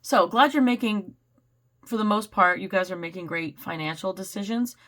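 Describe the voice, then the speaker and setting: A woman giving a casual, rambling tarot reading, slightly hoarse, clearing her throat and laughing often. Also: mid-range voice, moderate pace, a bit bright. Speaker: tarot reader.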